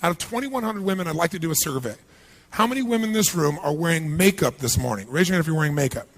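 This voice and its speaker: A man giving a live motivational seminar, energetic and punchy, constantly quizzing the audience with questions. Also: a little high, quick pace. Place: large seminar hall with thousands present.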